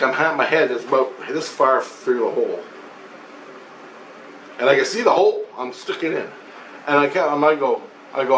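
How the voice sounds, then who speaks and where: A man telling a casual, rambling spoken account, animated and often repeating himself. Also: mid-range voice, slight background noise. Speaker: vlogger. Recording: roomy echo, faint ambience.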